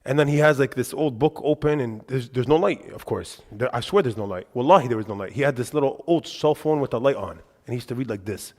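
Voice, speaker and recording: A man leads a religious lesson, spinning animated anecdotes at a rapid clip. His voice sits at a middle pitch. It rings out with the long reverb of a large mosque hall. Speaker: religious teacher. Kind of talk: storytelling lesson to a congregation.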